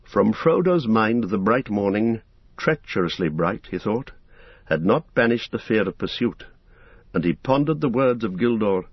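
A man giving a steady, scripted audiobook narration as the storyteller. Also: fairly low pitch, measured pace, slightly rough, no echo. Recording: dull, dry recording.

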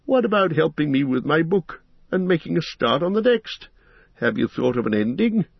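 Storybook role: man playing a fussy, chatty elderly hobbit, raised pitch, husky and unhurried, dull recording. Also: sing-song, no room sound, exaggerated voice. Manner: chatty, bright and fussing.

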